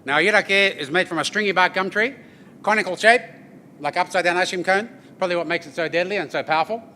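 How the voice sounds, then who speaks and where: With a little hiss or hum on the recording, an Australian artist entertains a live audience at a corporate briefing, alternating humorous stories with a didgeridoo demonstration. He speaks at a quick pace in a bright, forceful voice that's high for a man, loose and chatty, tossing "yeah?" and "eh?" at the room.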